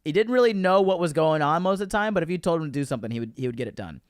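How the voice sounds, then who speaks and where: Smooth-voiced man telling a story. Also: on the high side, racing, dry recording, studio quality. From Florida. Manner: animated storyteller, laughs while telling, acts out quotes. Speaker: podcast guest, comedian. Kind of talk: casual storytelling chat.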